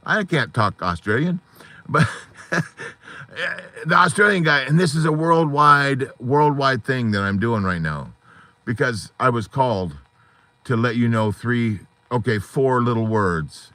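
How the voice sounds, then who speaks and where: A man hosting an unscripted live stream from inside his parked car at night, rambling and animated, slipping into quoted voices. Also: medium pitch, normal speed, dry recording. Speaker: live-stream host of a divorced dads channel.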